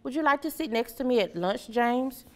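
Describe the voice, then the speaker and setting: Friendly little boy, eager and generous, pitched up, read by a woman. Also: expressive, moderate pace, a little mellow.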